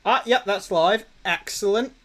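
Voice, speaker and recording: A man chats on a live game stream in an unhurried, drawn-out way. His voice sits somewhat high for a man, and he stops and starts as he fiddles with his setup. He keeps a dry, self-mocking humour throughout. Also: fairly bright tone, rough recording. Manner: halting, fumbling through tech setup with many restarts. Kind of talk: casual live-stream chatter.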